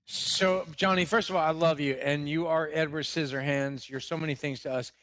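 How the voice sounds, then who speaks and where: A man's voice: a little high, fairly even intonation, normal speed, fairly bright tone, no echo. A man co-hosting a comedic talk show, trading crude jokes and mock-interview questions. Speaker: co-host.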